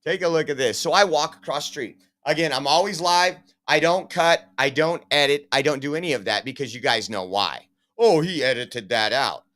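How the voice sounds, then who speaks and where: A man's voice: a little high, expressive, brisk, hardly any pauses, a bit bright. A man hosting a podcast, giving emphatic, sarcastic, rambling commentary. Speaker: podcast host. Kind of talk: opinionated commentary.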